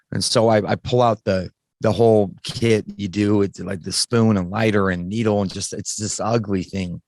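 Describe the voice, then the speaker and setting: A man's voice: fairly low pitch, no room sound. A man in his thirties, a podcast guest, telling a candid personal story in casual, frank talk that swears freely and often restarts its sentences.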